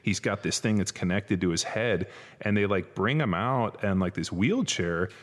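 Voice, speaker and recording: Casting note: low-pitched man, ex-football player, loose rambling anecdotes with swearing, reverberant room. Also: moderate pace. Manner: rambling storyteller, swears, many fillers. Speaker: former pro football player. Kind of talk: casual podcast chat.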